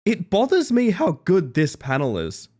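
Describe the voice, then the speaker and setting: Animated, playful male streamer. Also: high voice, moderate pace. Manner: playful, excitable, talks to chat. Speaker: livestreamer. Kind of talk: casual live-stream chat.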